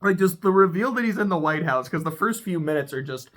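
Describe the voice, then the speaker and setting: A speaker casually recapping a TV episode, excitable and profane, laughing often. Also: medium pitch, brisk. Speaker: TV show reviewer.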